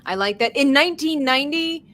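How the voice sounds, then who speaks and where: A woman's voice: high voice, expressive, a little fast, fairly bright tone. A young woman co-hosting a podcast, chatting casually and rambling with restarts. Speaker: podcast co-host. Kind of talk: casual chat.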